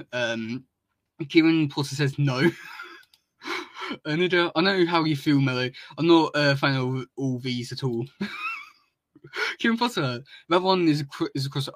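A man's voice: medium pitch, no room sound. A man reading fan fiction and comments aloud for his podcast, tripping over words and laughing between lines. His voice sits in a middling register, recorded dry and close. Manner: halting, full of fillers and restarts, laughing often. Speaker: podcast host.

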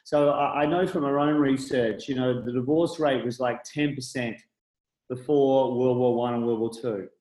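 A man's voice: medium pitch, fairly even intonation, moderate pace, darkish tone, roomy sound, rough recording. A male interviewer asking questions in a casual, hesitant way, full of fillers. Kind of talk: conversational interview.

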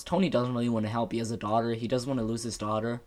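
A man's voice: mid-range voice, fairly even intonation, racing. A man co-hosting a casual podcast, recapping a movie with a joking, sarcastic, rambling manner. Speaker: podcast co-host.

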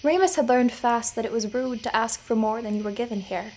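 A woman narrating her own scripted audio fiction story in a measured storytelling manner. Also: on the high side, darkish tone, a little hiss or hum, poor audio. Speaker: writer and narrator.

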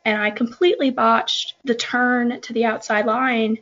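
A woman who calls herself soft-spoken and timid, chatting in a casual podcast conversation as a horse-riding guest, with many fillers. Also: on the high side, flat delivery, unhurried, lo-fi sound.

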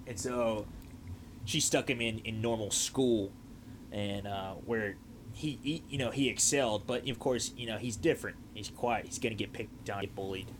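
A man's voice: fairly low pitch, moderate pace, noisy background. A man hosting a podcast, telling a story in a casual, rambling way with lots of fillers and restarts. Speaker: podcast host.

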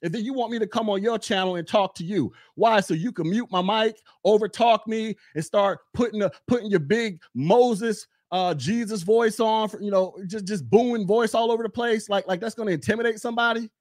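A man doing a casual commentary podcast from his desk at home, blunt and mocking with loud bursts. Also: high-pitched, fairly quick, few pauses, no echo, studio quality.

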